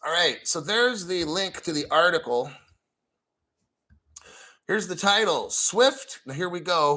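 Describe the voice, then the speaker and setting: Homem americano explosivo e desbocado. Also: male voice, fairly high pitch, lively intonation, a little slow, sharp tone, rough recording. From United States. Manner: foul-mouthed, combative, rambling. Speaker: crypto livestream host. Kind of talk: profane ranting livestream talk.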